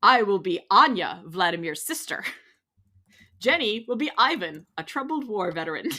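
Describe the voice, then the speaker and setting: A woman's voice: mid-range voice, very animated, moderate pace, pushed and bright, a little hiss or hum. A woman hosting a comedy podcast, chatting casually with lots of laughter and setting up a script reading. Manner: giggly, introduces cast and reads stage directions. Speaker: podcast host.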